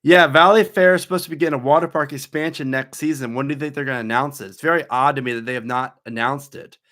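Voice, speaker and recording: A man's voice: medium pitch, fairly even intonation, quick pace, fairly bright tone. A man in his thirties, a theme park YouTuber, casually reading out viewer questions on a live stream and answering them in a chatty, rambling way. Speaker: coaster YouTuber host.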